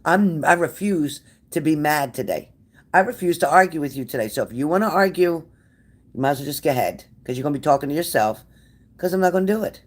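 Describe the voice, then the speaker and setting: A woman's voice: low-pitched, animated, quick pace. A woman hosting a casual livestream, blunt and sassy, cursing freely as she answers viewer comments. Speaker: livestream tarot reader.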